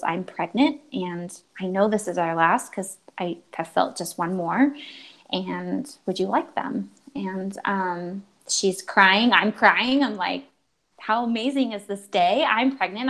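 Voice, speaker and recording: A woman's voice: medium pitch, rough recording. A woman in her thirties, a guest telling an emotional personal story in earnest, acting out quoted dialogue and often restarting her sentences.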